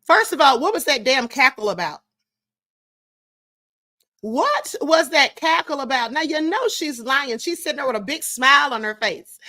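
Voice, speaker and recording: A woman's voice: high voice, expressive, normal speed, bright, forceful tone, no echo, studio quality. A woman hosting a live stream, giving sassy, scolding commentary straight to her viewers. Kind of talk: casual commentary.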